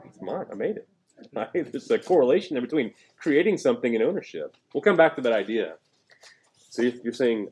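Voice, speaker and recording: Husky-voiced man preaching a sermon. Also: medium pitch, darkish tone. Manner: conversational, asks the listeners questions, jokes and laughs; reads scripture aloud with emphasis. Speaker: pastor.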